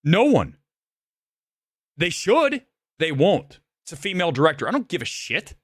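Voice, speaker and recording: A man's voice: on the high side, very animated, moderate pace, no echo, clean studio sound. Angry ranting man reviewing a film. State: shaking with anger. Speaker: movie reviewer. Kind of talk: live film review rant.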